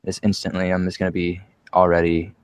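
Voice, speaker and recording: Laid-back joking man, low voice. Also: completely flat delivery, brisk, clean tone, no echo. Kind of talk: casual group chat.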